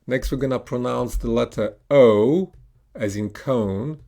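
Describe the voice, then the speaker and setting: A man's voice: mid-range voice, creaky, warm tone. A man teaching English pronunciation with a British accent, reading out single words one by one for students to repeat. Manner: slow, deliberate enunciation of single words with pauses. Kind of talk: pronunciation lesson with repeat-after-me drills.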